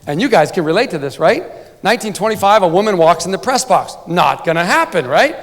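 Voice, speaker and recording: At the podium of a banquet hall, a sportswriter delivers a funny award speech, a rambling comic story peppered with "right?" asides. He speaks fairly quickly in a high, slightly bright voice with big pitch swings, and the long hall reverb is audible.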